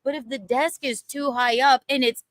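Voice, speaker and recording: A woman chatting casually, giggly and animated as she tells anecdotes. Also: sits high, normal speed, no echo, rough recording. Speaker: livestream co-host. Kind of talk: casual chat.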